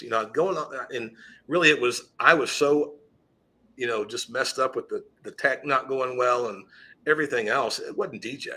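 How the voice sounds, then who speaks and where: A man's voice: medium pitch, normal speed, bright, forceful tone, husky. A middle-aged man, a teacher, telling a personal classroom story in earnest, conversational podcast talk, often restarting and trailing off into asides.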